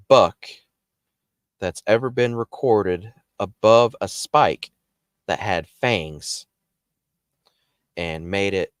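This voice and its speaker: A man casually telling a paranormal story as the show's host, animated and jumping up in pitch when he acts out quotes. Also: dry recording, studio quality. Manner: animated, jumps high when acting out quotes.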